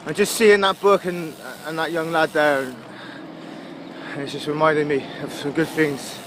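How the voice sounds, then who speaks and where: Englishman with Gloucestershire accent, rambling video diary, fairly high voice, filmed while cycling, loud outdoor road noise. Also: steady tone, a little slow. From England. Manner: rambling, chatty, with frequent fillers and laughs. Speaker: touring cyclist vlogger.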